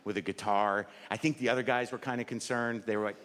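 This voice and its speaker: A man's voice: lowish voice, steady tone, fast, heavy background noise. A man performing a stand-up routine on a live stage, telling a rambling, stammering, self-deprecating story. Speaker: stand-up comedian. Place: live comedy stage before an audience. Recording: reverberant live hall with audience.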